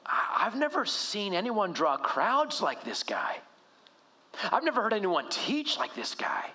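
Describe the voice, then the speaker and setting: A preacher voicing an ancient council member who is urgently plotting with a small group of colleagues. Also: male voice, sits high, huge pitch swings, a little slow, bright, forceful tone, exaggerated voice.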